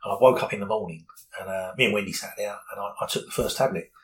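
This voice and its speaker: Candid middle-aged man, lowish voice. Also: quick pace, slight background noise, low-quality recording. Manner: candid, rambling, with many fillers. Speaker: interviewee. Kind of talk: personal storytelling in an interview.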